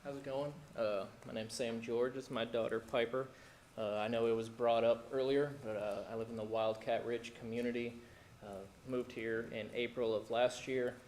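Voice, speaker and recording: A man, speaking in earnest, halting public comment at a city council meeting. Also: mid-range voice, steady tone, a little mellow. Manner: earnest, worried, halting with fillers. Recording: echoey council chamber, faint room noise.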